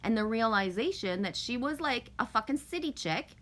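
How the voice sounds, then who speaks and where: A woman's voice: on the high side, expressive, normal speed, fairly bright tone, slight background noise. A middle-aged woman from Canada chatting casually on a livestream, chipper and profane, laughing often and greeting viewers by name. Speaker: livestream host.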